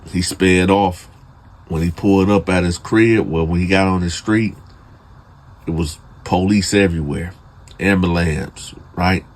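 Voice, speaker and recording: Man, storyteller host, husky voice, slangy, talks right to the audience, builds suspense. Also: deep voice. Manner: slangy, addresses listeners directly, builds suspense. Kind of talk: casual dramatic storytelling.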